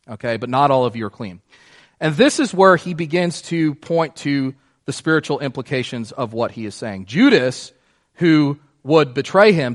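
A man preaching a sermon as pastor, in a conversational way, often asking the congregation questions. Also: on the high side.

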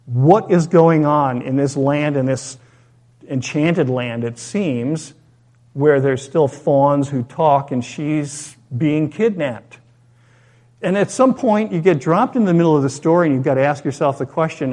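A man preaching, his voice sitting a bit higher than most men's. He reads scripture and leads a prayer. He talks through a story in an easy, conversational way and poses rhetorical questions to his listeners. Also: a little slow, a little mellow. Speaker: pastor. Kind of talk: sermon.

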